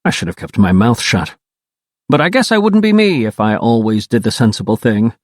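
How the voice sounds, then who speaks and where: A man reading a first-person audiobook in a wry, animated storytelling manner. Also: medium pitch, normal speed, no room sound, studio quality. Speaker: audiobook narrator.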